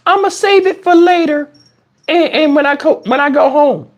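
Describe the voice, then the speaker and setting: A man putting on a whiny, high little-girl voice. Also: normal speed, muffled recording. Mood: casual. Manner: high insistent whine.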